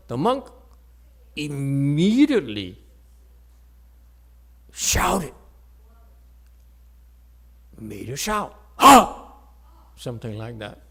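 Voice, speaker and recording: A man giving a Buddhist dharma talk to a live audience, playful and joking, often checking in with his listeners. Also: fairly high pitch. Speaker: Chan meditation teacher. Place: meditation center hall with audience.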